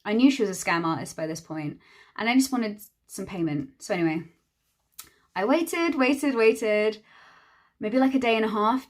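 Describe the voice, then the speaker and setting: Chatty young woman telling a storytime. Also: medium pitch. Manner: chatty, exasperated, acts out quoted dialogue. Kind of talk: casual storytime while doing her makeup.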